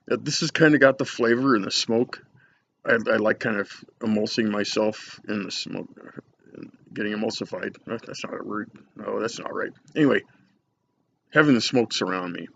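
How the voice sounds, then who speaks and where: A man's voice: lowish voice, gravelly. A middle-aged man chatting casually to camera as a cigar reviewer, rambling and joking at his own expense. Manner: rambling, jokey, self-deprecating. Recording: dull lo-fi home recording with faint noise.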